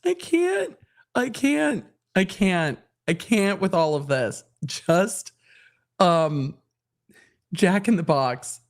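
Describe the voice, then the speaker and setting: A woman's voice: on the low side, animated, slow pace. A woman hosting a live stream, reading out social media replies with laughing, incredulous reactions. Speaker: host.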